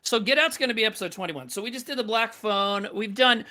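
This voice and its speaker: A man's voice: high voice, quick pace, pushed and bright. A man hosting a podcast, talking casually about movies in a rambling way, with lots of fillers and restarts. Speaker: podcast host.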